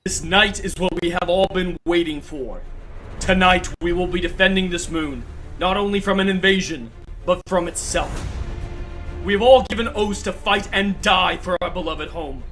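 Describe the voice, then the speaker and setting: A man doing a commando commander rallying his troops in an audio drama. The voice sits high and sounds bright and forceful, with faint music behind it. He builds from solemn resolve to battle shouts. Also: moderate pace. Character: rousing male Scottish commando commander. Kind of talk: audio drama war speech.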